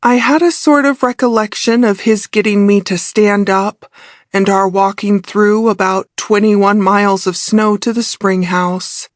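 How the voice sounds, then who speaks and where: A woman narrating a classic mystery audiobook in the first person, with a measured storytelling delivery. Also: mid-range voice, steady tone, no room sound.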